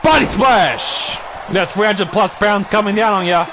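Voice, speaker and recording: A man casually giving play-by-play commentary on a wrestling video game, excitable, swearing and cheering on the wrestlers, while fighting off the hiccups. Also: high-pitched, unhurried, background noise. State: has the hiccups. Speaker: gameplay commentator.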